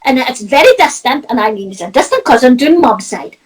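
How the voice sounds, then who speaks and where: A Scottish woman with a high, bouncing voice that swings up and down freely. She talks in an animated, chatty way as a spiritual medium, with frequent laughter. Casual conversation. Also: brisk, husky, poor audio. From Scotland. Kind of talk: casual chat.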